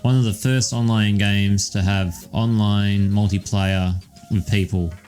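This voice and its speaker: In a laid-back podcast conversation, this young male co-host wanders from point to point, cursing and dropping lots of ums and "all right"s. He speaks unhurriedly in a steady, darkish, lowish voice over quiet background music.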